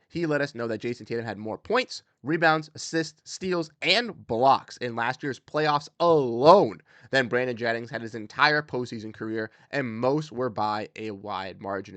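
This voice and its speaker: A man's voice: medium pitch, fairly bright tone, no room sound. A young man hosting casual sports commentary, fired-up and repetitive, with many fillers.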